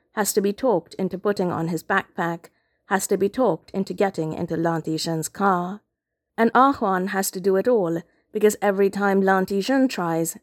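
A woman reads a novel aloud as a narrator, measured and gentle, with a mid-range voice. The recording is close and dry, with no room sound at all. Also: mid-range voice, no echo. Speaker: audiobook narrator. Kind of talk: scripted narration.

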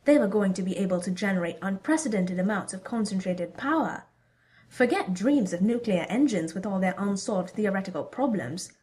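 Woman, audiobook reader, fan fiction, steady storytelling, mid-range voice. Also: mid-range voice, moderate pace.

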